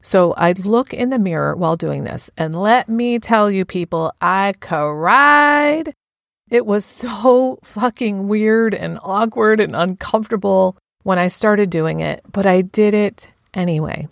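A woman's voice: medium pitch, lively intonation, unhurried, creaky, no echo, clean studio sound. A woman giving a frank, earnest self-help talk about her own practices, with casual swearing.

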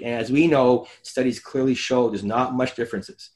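Animated man chatting. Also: mid-range voice, brisk, hardly any pauses. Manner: animated, acts out conversations with patients. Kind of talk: casual podcast chat.

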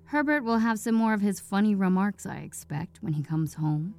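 A woman reading the part of an anxious elderly mother, high and breathless. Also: lively intonation, normal speed, darkish tone, soft background music, close to an everyday voice. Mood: fretful.

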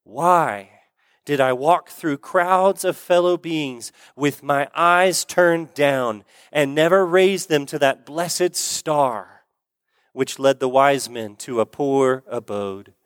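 A man's voice: a little high, slow pace, clean tone, no room sound, clean studio sound. A man reading aloud the lines of a remorseful chained male ghost, declaiming old-fashioned literary speech. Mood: anguished.

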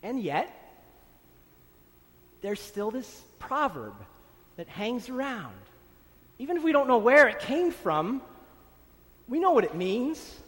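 A man delivers a sermon in a high voice, stressing his words and circling back to repeat key phrases. His voice carries a long reverb, as in a large hall. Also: very animated, slow pace, pauses often, fairly bright tone. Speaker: preacher.

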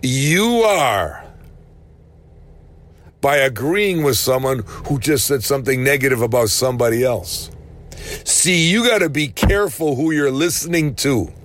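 A man preaching a sermon, animated, rising to shouts and slowing down hard on key phrases. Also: mid-range voice.

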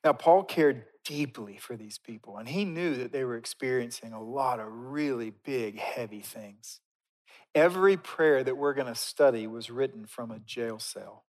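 A man preaching a sermon in a conversational, emphatic way, swinging from loud bursts down to quiet, slow stresses. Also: mid-range voice. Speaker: pastor.

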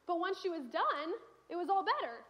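This young woman's voice is extremely high and swings widely in pitch, a bit bright and fairly quick. She is preaching in a church sanctuary, earnestly telling stories laced with casual fillers.

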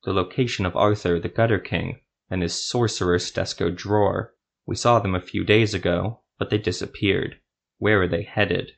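A man's voice: low voice, steady tone, moderate pace, vocal fry. Zevo, a man doing a growling, desperate witcher mercenary. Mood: growling threat. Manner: growling, threatening.

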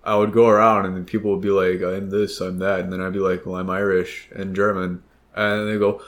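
Casting note: young American man, low voice, rambling jokey podcast banter. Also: flat delivery, a little fast, fairly bright tone. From United States. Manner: rambling, joking, often acts out quotes. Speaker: podcast co-host. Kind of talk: casual chat.

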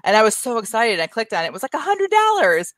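A woman's voice: fairly high pitch, huge pitch swings, quick pace, a bit bright, dry recording. A woman co-hosting a casual chat show, talking in a rambling, self-deprecating way. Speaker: co-host.

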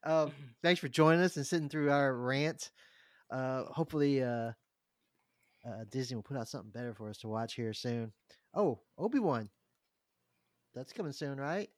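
A man's voice: mid-range voice, normal speed, pauses often, no echo, clean studio sound. A man hosting a casual podcast, laid-back and a little hesitant as he wraps up. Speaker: podcast host. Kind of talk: casual chat, show sign-off.

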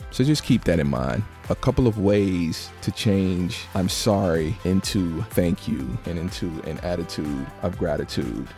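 A man with a low, mellow voice hosts a solo podcast, speaking slowly and earnestly with a steady, encouraging tone. Faint music runs underneath his words. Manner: earnest, measured, motivational. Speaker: podcast host. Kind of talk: reflective solo podcast talk.

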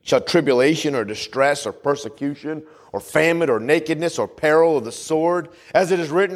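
Fervent preacher man calling out "Amen?". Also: fairly high pitch. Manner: reads scripture aloud in a slow, solemn cadence; folksy asides and chuckling humor. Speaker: pastor. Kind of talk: sermon.

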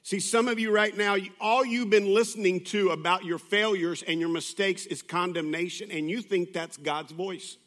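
A male pastor preaching a sermon in a conversational way, moving from hushed, intimate passages to loud, urgent appeals. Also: high-pitched, fairly even intonation, moderate pace, few pauses. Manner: conversational, with restarts and asides.

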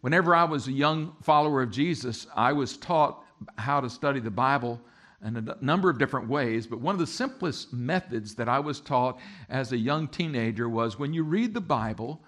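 Man preaching a lively sermon. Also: medium pitch, normal speed. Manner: lively, jokes with the congregation. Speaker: pastor.

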